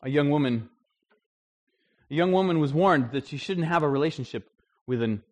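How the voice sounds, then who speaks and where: A man preaching a sermon in an animated way, acting out the voices he quotes. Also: on the high side, normal speed. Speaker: pastor.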